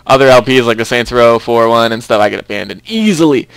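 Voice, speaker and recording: A man's voice: mid-range voice, lively intonation, fast, vocal fry, clean tone, no room sound. A young man hosting a casual game commentary, chatty and rambling, often repeating himself. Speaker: let's play host.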